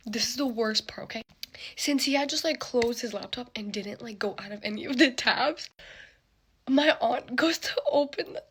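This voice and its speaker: High-voiced young woman telling a story. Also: slightly rough. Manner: animated, laughing often, full of "like" fillers. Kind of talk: casual storytime chat.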